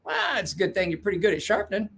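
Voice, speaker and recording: A man's voice: high-pitched, animated, very fast, creaky, a bit bright, breathy edge. A man in his forties hosting a casual knife-sharpening chat show from his garage, rambling, swearing and laughing often. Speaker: knife sharpening podcast host. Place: home garage.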